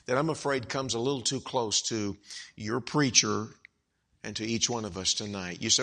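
A man preaching an evangelical sermon, swinging from hushed, slow lines to loud, emphatic outbursts. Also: fairly low pitch.

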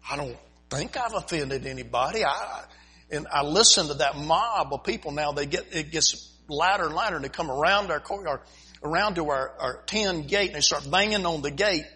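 A missionary preacher tells a folksy story from the pulpit, chuckling at his own punchlines. His voice sits a little high, with a bright, forceful edge and a husky grain. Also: moderate pace. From United States. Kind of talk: storytelling sermon. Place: church before a congregation.

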